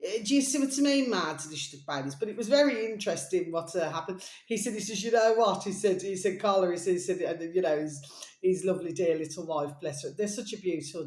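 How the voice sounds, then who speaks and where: A woman's voice: low-pitched, quick pace, darkish tone, echoey room. A woman chatting in a rambling, casual monologue, calling her listeners her little babies. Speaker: vlogger.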